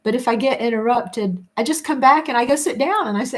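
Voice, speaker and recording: A woman hosting a casual chat, reading viewer comments aloud and musing with frequent restarts and soft laughs. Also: fairly high pitch, moderate pace. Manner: rambling, restarts often, laughs between thoughts.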